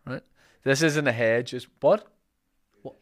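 A man's voice: mid-range voice, unhurried. A man with a Northern Irish accent hosting a podcast, doing ad reads and joking with guests in a rambling, laughing way. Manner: jokey, rambling, laughs often. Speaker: podcast host. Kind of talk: casual podcast chat and ad reads.

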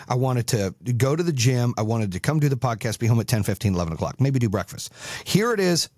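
A man's voice: medium pitch, darkish tone, no room sound, studio quality. Blunt, profane motivational podcast man. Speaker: podcast host and business coach. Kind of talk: solo podcast monologue. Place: office studio.

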